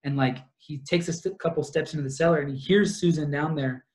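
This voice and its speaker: A man's voice: fairly high pitch, steady tone, brisk, darkish tone. A young man in casual book-club talk, retelling a plot at length with lots of fillers and asides. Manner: rambling, detail-heavy retelling with many fillers. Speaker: podcast co-host.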